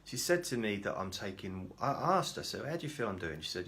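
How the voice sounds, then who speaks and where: Low-voiced man rambling to camera. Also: sing-song, fairly quick, a bit bright, slight background noise. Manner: rambling, self-deprecating, many restarts. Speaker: vlogger. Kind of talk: casual rambling monologue.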